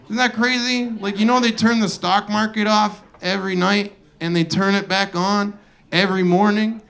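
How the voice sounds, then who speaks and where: A male comedian doing a profane, incredulous stand-up rant on a club stage, breaking into shouted outbursts. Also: high voice, fairly even intonation, normal speed, gravelly. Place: comedy club stage before a live audience. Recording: live club audience laughing. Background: audience laughter.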